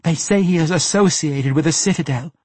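A man putting on a frightened half-elf woman, high and husky. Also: brisk, a little mellow, no echo. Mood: fearful. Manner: pleading, strained, gasping. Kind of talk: audiobook character voice.

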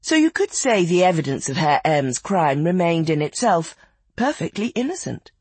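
A narrator reading a literary novel aloud in an expressive, measured audiobook style. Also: mid-range voice, breathy edge, no room sound.

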